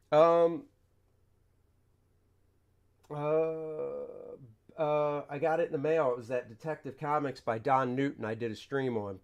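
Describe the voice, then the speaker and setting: A man, a comic artist, chatting casually on a livestream, rambling, reading viewer questions aloud and acting out his panels. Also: mid-range voice. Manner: rambling, reads chat aloud, acts out panels.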